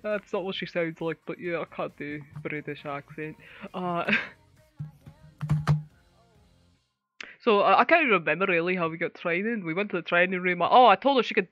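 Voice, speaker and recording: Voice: medium pitch, normal speed, long pauses, no room sound, highs cut off, soft background music. A player narrating their character's actions in a tabletop role-play, rambling with many fillers and frequent laughter.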